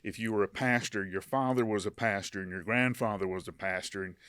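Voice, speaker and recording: An older man hosting a podcast interview, talking in a halting way with many restarts, livening up when he tells stories. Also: on the low side, a bit bright, clean tone, no room sound, studio quality. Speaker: podcast host. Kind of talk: conversational interview.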